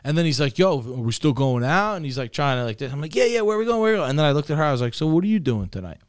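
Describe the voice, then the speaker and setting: A man's voice: medium pitch, expressive, very fast, no echo, clean studio sound. A man on a podcast telling a long crude story, rambling and profane. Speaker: podcast co-host.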